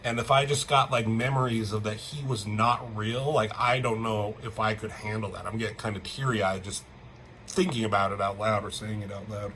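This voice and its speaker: A man's voice: on the low side, steady tone, moderate pace, a bit bright, a little hiss or hum, poor audio. A young man casually reviewing a comic book, chatty, swearing freely and jumping his voice up to act out character lines. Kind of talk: casual chat.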